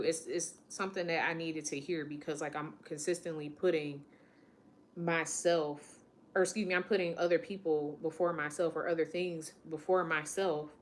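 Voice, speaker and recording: Her voice sits low, with a little hiss or hum in the recording. A late-twenties vlogger, she opens up about a personal experience in an emotional, candid way and keeps relaying other people's words to her.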